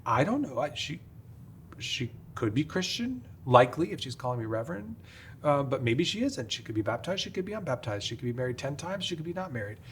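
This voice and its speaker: A man's voice: medium pitch, sing-song, a bit bright, a little hiss or hum. A middle-aged man from upstate New York, a priest, explaining carefully in a podcast interview with frequent "uh" fillers. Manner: measured, careful, many "uh" fillers. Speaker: priest, guest.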